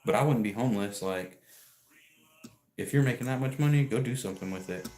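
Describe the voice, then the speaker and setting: A man's voice: medium pitch, a little fast, darkish tone, roomy sound. A man chatting casually on a livestream, rambling through stories, laughing often and answering viewer messages from what sounds like his home garage. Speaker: live streamer.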